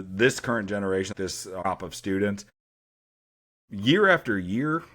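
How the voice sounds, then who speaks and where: Man, very deep low voice, teacher, casual podcast chat, sarcastic storyteller. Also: fairly bright tone. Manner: dry sarcastic humor, storytelling with acted quotes.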